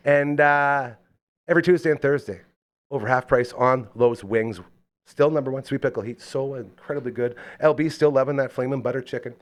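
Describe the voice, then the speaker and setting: A Canadian man in his twenties hosts a casual live podcast, speaking at a quick pace in a mid-range voice. He's animated as he tells stories and acts out the quoted lines within them.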